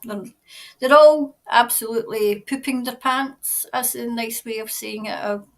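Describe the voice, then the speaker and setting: Chatty Scottish woman, slightly high voice. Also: measured pace. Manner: chatty and rambling, laughs often, many "like" and "you know" fillers. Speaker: tarot reader reading viewer comments. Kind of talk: casual livestream chat.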